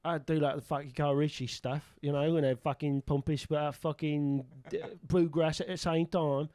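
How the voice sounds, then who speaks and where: A man's voice: on the high side, fairly even intonation, normal speed, dark tone, no echo, studio quality. A young man co-hosting a comedy podcast, self-deprecating and stumbling over his words. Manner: self-deprecating, stammering restarts. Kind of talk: casual comedy chat.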